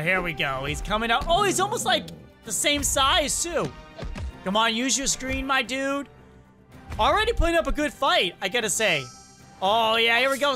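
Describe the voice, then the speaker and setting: A reaction video host giving excited play-by-play commentary and talking straight to viewers. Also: mid-range voice. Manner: hyped, exclamatory, talks to viewers.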